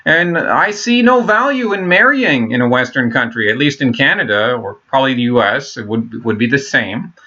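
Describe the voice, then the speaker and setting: A man's voice: mid-range voice, normal speed, few pauses, sharp tone, dull audio. A man in his thirties talking in a rambling, blunt casual monologue, full of fillers, restarts and swearing. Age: 30s. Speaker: vlogger.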